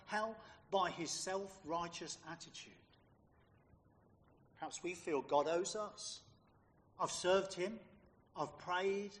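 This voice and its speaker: A man's voice: high voice, in a large hall. A man preaching a sermon, emphatic and fond of rhetorical questions put to his listeners.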